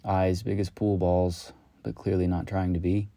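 Deep gravelly guy telling a story slow and reflective, dry close sound. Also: flat delivery, mellow, no room sound. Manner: slow, measured, lyrical. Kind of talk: reflective spoken-word storytelling.

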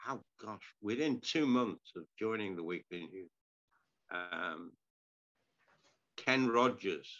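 An older man, a retired sports broadcaster appearing as an interview guest, rambles through stories from his career and pokes fun at himself. His lowish voice has a sharp edge, he keeps restarting and clearing his throat, and the recording is lo-fi.

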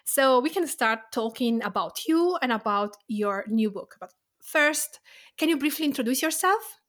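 A woman from Tuscany with an Italian accent, hosting a podcast interview in a warm, gently enthusiastic way. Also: high-pitched, expressive, moderate pace. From Italy, Tuscany. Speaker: podcast host.

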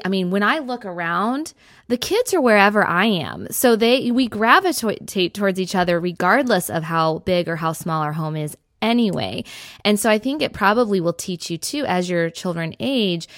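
A woman's voice: on the low side, fairly bright tone, no room sound, studio quality. A woman hosting a podcast interview, speaking in an encouraging, reflective way. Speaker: podcast host. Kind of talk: casual interview chat.

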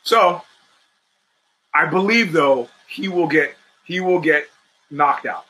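A man with a slightly high, bright voice speaks slowly with a forceful tone, captured on poor audio. As host of his own show, he gives a casual monologue on upcoming fights. He is opinionated and profane, talks in street slang, rambles, and restarts sentences midway.

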